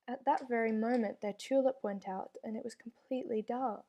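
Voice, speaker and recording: A woman reading a children's storybook aloud with steady, expressive narration. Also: on the high side, normal speed, hardly any pauses. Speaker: reader.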